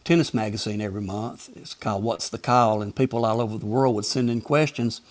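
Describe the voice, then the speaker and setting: An older man with a Southern Alabama accent, a retired tennis umpire appearing as a guest, tells folksy anecdotes in casual conversation, chuckling as he goes. His voice sits on the low side and he talks fairly quickly.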